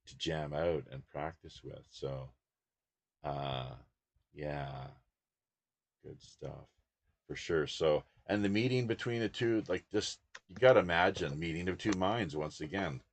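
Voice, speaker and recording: A man hosting a podcast, chatting casually and rambling about music, often trailing off quietly. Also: rumbling low, a little slow, no room sound. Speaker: podcast host.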